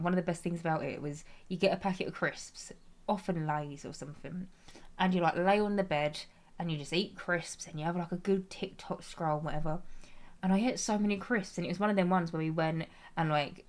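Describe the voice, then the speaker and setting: Brief: female game streamer, lower-pitched, casual rambling chat with lots of laughter. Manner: giggly, chatty, rambling. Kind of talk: casual gameplay commentary.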